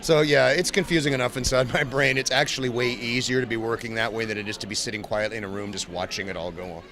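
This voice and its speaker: A man's voice: medium pitch, fairly even intonation, fast, a bit bright, some chatter behind. A man, a voice actor at a convention, talking in a manic, jumpy way and breaking into silly voices mid-sentence. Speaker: voice actor guest. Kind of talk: convention interview. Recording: outdoor convention recording.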